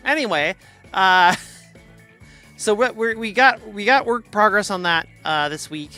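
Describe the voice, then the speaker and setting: A woman's voice: medium pitch, unhurried, sharp tone, soft background music. A woman streamer in casual chat, rambling and joking, often laughing at herself.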